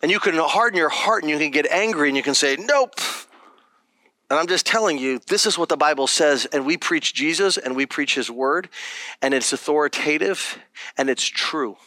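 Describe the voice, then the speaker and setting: A man's voice: a little high, a little fast, pushed and bright, dry recording. A pastor preaching a sermon to his congregation in a conversational, emphatic way, often checking in with "okay?".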